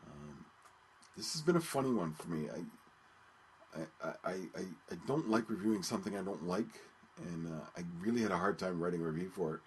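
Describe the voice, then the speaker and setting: A man hosting his own podcast, talking casually and haltingly with many ums and restarts. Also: low voice, expressive, a little mellow, slight background noise. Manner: rambling, hesitant, many ums and repeated words. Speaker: podcast host. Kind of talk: casual solo radio-show talk.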